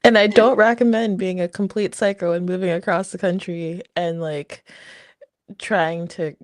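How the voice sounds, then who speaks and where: A woman's voice: lowish voice, normal speed, no echo. Frank woman with a dry, close sound. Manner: animated storytelling, frank. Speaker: panel guest. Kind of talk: candid panel conversation.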